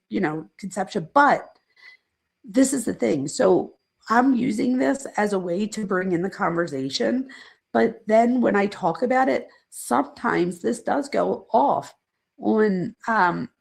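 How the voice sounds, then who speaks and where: Gravelly middle-aged woman chatting on a stream. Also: mid-range voice, animated, measured pace. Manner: rambling, chatty, reads viewer comments aloud. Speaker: psychologist hosting a live stream. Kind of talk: casual live-stream chat with viewers.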